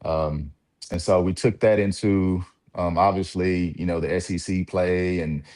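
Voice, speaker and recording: A man from Mississippi with a very low voice talks through his college basketball days as an interview guest. He is relaxed and reflective, leaning on fillers and small laughs. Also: measured pace. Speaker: former college point guard, guest. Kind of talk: casual interview talk.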